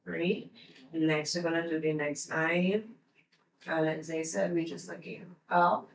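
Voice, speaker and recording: Slow-paced woman giving makeup steps. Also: sits low, level tone, recorded from a distance. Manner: slow step-by-step instructions to viewers. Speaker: beauty vlogger. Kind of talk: makeup tutorial. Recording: roomy, away from the mic.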